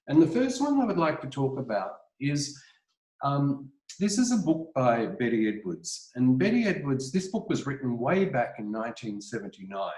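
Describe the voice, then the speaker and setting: A man's voice: mid-range voice, big pitch swings, moderate pace, darkish tone. Australian male presenter, chatty webinar talk full of ums and restarts, echoey kitchen over a computer mic. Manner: rambling, many fillers and restarts, apologetic. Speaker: webinar presenter, art educator. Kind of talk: casual online presentation. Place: home kitchen.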